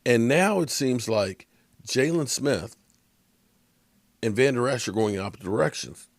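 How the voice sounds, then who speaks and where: A man's voice: medium pitch, animated, a little slow, vocal fry, no echo, clean studio sound. A tired man giving a casual, rambling sports commentary monologue, yawning now and then. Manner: rambling, conversational, frequent restarts. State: tired, yawning from lack of sleep.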